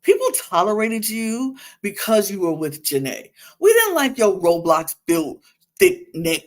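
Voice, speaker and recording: A woman's voice: mid-range voice, measured pace. Podcast lady going off about a reality show, voice jumping all over, exasperated asides. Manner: animated, exasperated ranting with lots of asides. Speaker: podcast host. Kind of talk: reality TV recap chat.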